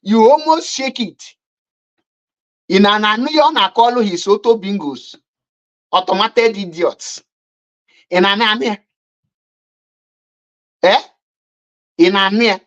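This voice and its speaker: A woman's voice: medium pitch, takes it slowly, long pauses. A woman with a Nigerian accent giving mocking online commentary, scornful and repetitive. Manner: scornful, repetitive, laughing at her opponents.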